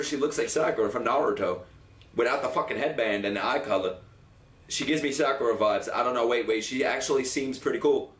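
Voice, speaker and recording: A young man reacting to an anime episode, loud and excitable, swearing and shouting at the screen. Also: mid-range voice, brisk. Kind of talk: live anime reaction commentary.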